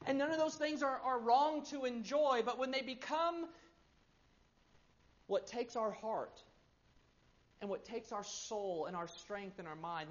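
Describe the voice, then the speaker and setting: A pastor in his thirties preaching a sermon, swinging between loud emphasis and hushed, quiet stretches. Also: high voice. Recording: muffled lo-fi sermon recording.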